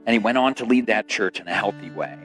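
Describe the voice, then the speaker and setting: A man preaching a sermon as pastor, telling stories and building to loud, emotional quoted lines. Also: fairly low pitch, animated, fast, soft background music.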